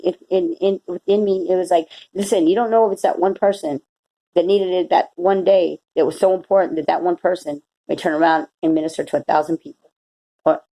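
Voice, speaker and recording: A woman's voice: mid-range voice, mellow, rough recording. A middle-aged woman vlogging a personal faith testimony, rambling and emotional with many restarts. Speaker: Christian vlogger.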